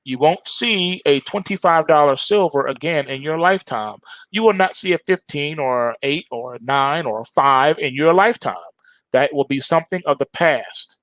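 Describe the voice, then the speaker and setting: A man's voice: a little high, moderate pace, fairly bright tone, no echo. A middle-aged man hosting a trading show, giving emphatic, repetitive chart commentary straight to his viewers. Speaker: trading analyst host.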